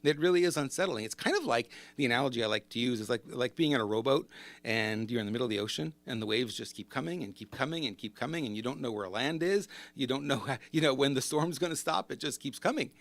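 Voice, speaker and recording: A man's voice: medium pitch, lively intonation, fast, fairly bright tone, dry recording. A middle-aged man hosting a solo business podcast, talking in a loose, rambling way with asides and rhetorical questions. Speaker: business coach and podcast host.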